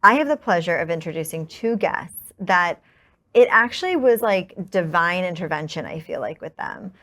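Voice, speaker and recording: A woman's voice: fairly low pitch, lively intonation, moderate pace, a bit bright. Woman podcast host, upbeat, rambling, casual. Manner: chatty, upbeat, rambling with fillers.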